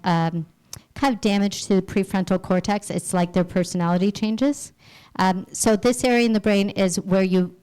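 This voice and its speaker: A woman's voice: mid-range voice, darkish tone, smooth. A woman presenting a health seminar, explaining from slides to a live audience and sometimes acting out little dialogues.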